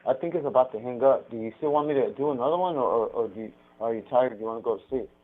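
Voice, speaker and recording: A man's voice: medium pitch, very fast. A man telling stories over a prison phone call, profane and rambling with frequent restarts. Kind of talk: casual storytelling on a phone call. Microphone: prison payphone handset. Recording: tinny prison phone line.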